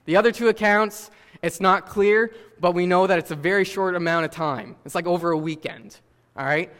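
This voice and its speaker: Male pastor, high voice, casual preaching, reverb from a large hall. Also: normal speed, a bit bright. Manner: conversational preaching with casual fillers and rhetorical questions. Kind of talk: sermon.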